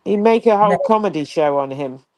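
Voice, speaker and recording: A woman's voice: medium pitch, expressive, fairly quick, darkish tone. A woman co-hosting a political talk show, chatting loosely with frequent fillers and restarts. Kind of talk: casual political commentary.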